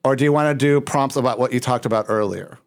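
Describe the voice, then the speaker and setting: A man's voice: mid-range voice, fast. A man hosting a podcast, chatting casually and reading out jokes with playful chuckles. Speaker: podcast host.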